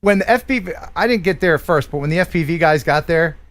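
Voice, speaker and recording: Chatty joking American man, higher voice. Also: animated, fast talker, a bit bright. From USA. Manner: chatty, joking, prone to restarts. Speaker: live stream show host. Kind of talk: casual live stream chat.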